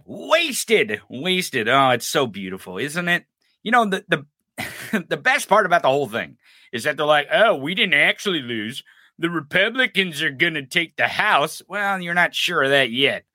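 A man's voice: fairly high pitch, bright, forceful tone, no room sound, studio quality. Mocking, profane man hosting a podcast. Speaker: podcast host. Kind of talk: casual political commentary. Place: live-streamed podcast set.

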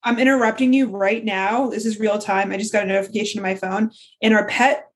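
A woman's voice: mid-range voice, fairly even intonation, brisk, husky. A woman hosting a podcast in casual chat, blunt and profane. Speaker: podcast host.

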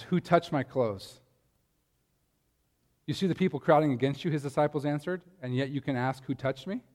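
Conversational preacher in a reverberant hall. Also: male voice, medium pitch, darkish tone. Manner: conversational, asks the listeners rhetorical questions. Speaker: pastor. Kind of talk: sermon.

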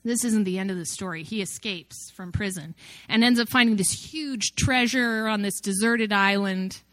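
A woman's voice: medium pitch, normal speed, a bit bright, dry recording. Earnest woman giving a dry-sounding faith talk. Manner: earnest and reflective, builds up with rhetorical questions. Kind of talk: personal testimony talk.

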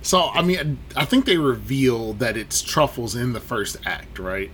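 A man talking casually in a podcast movie discussion, halting with many fillers. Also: medium pitch, crowd noise. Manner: slow, hesitant, many fillers. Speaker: podcast co-host.

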